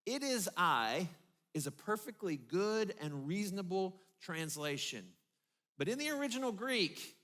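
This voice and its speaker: A man preaching a sermon as pastor, telling the story vividly with dramatic pauses and dropping low for emphasis. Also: fairly bright tone. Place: church.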